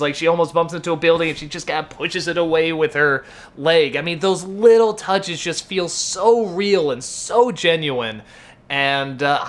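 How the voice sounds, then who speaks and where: In a slightly high, rather bright voice, a man in his thirties hosts a web show with loose, unscripted talk to camera. He meanders, leans on fillers, corrects himself often, and gets riled up by small things.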